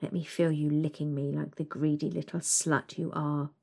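A woman's voice: deep voice, flat delivery, moderate pace, creaky, a little mellow. A woman reading the lines of a commanding, dominant man in a story, in her own voice.

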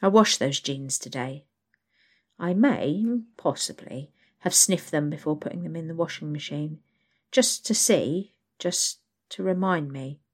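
A woman reads an erotic story in the first person, her voice sitting low in pitch. She speaks slowly and keeps it hushed and intimate, letting each phrase settle. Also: husky. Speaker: narrator.

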